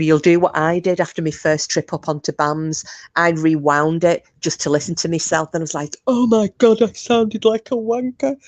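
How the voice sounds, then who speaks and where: A woman hosting a live chat stream, chatty and quick to laugh, swearing freely as she talks to her viewers. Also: low-pitched. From England. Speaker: livestream host.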